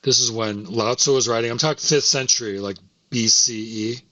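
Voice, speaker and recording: A man's voice: mid-range voice, normal speed, bright, forceful tone, no echo, lo-fi sound. A man co-hosting a podcast, explaining history at length in a casual, talkative way. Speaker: podcast co-host. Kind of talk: casual chat.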